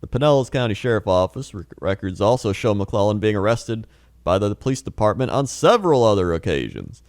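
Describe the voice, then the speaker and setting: A man putting on a low, deadpan voice to read a story like a late-night video narrator. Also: no echo, studio quality. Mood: solemn. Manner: deadpan, slow, low news-reading delivery. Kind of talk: mock news reading.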